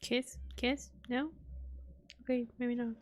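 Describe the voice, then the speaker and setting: A woman's voice: on the high side, flat delivery, slow, darkish tone, a little hiss or hum. A woman streamer reacting live and talking to her chat, gushing with emotional exclamations.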